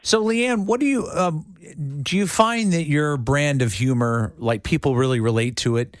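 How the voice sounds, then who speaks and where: A man's voice: fairly high pitch, normal speed, no room sound, studio quality. A man co-hosting a radio show, asking questions in a casual, teasing way. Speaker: radio co-host. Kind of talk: radio interview.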